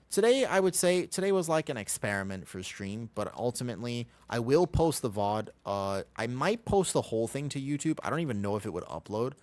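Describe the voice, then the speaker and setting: A man's voice: lowish voice, dry recording. An American man chatting casually on a live stream while gaming, rambling along and humming to himself on a desk mic. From United States.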